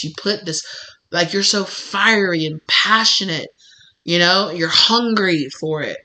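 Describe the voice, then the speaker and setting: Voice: mid-range voice, a little slow, pushed and bright. A tarot reader giving a casual pick-a-card reading, rambling and effusive, with many "like"s and restarts.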